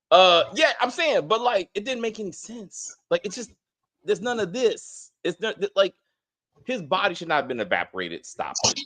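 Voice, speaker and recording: A man co-hosting a casual TV review, animated and profane, acting out scenes in put-on voices. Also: high-pitched. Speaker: show co-host.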